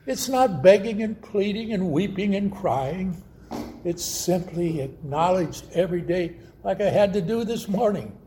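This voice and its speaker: Male preacher, high mellow voice, slow storytelling sermon.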